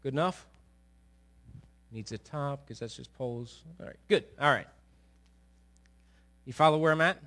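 A man preaching a sermon, telling a story and sketching on a board as he speaks, dropping low during the story and rising forcefully. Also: unhurried, long pauses. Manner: drops to a low murmur while telling a story, then rises forcefully. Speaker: pastor.

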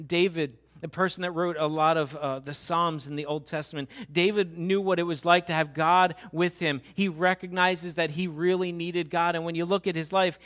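A middle-aged male pastor preaching with a high-pitched voice. He drops low and slow for tender moments, then rises to loud, pressing questions. His sermon delivery is conversational and earnest. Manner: swings from hushed and slow to loud and emphatic.

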